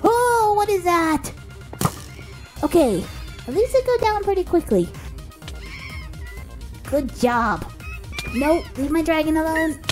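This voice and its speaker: A woman giving excitable let's-play commentary, gasping and cooing at her pet as she narrates her play. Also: very high voice, takes it slowly, pauses often, faint music behind. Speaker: game video creator.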